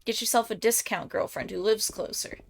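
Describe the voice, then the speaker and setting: A woman's voice: mid-range voice, fairly even intonation, a little fast, creaky, a little hiss or hum. A woman with an Ohio accent chatting casually and joking with profanity while streaming a game. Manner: joking, profane banter with chat.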